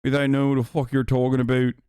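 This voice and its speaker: A man's voice: medium pitch, level tone, racing, dark tone, clean tone, no echo, studio quality, natural voice. A man putting on a brash, cursing Irish caricature. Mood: scolding. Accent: Irish, put on. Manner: brash, profane, scolding.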